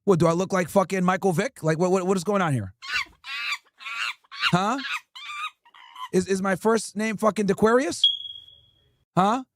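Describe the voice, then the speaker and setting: A man's voice: high voice, moderate pace, pauses often, background noise. A man hosting a livestream in a casual chat style, talking brashly and profanely with lots of rhetorical questions. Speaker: livestream host.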